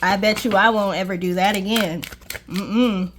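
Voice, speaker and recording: A woman's voice: mid-range voice, fairly even intonation, normal speed, noisy background. A woman giving a casual tarot reading to viewers, reassuring and checking in with "okay?" often. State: briefly out of breath. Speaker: tarot reader.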